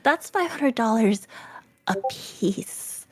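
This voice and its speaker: A woman's voice: on the high side, expressive, slow pace, slightly rough, full character voice. A woman voicing a nervous, stammering old hunchbacked male antique dealer in a storybook reading. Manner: stammering, hesitant, hushed.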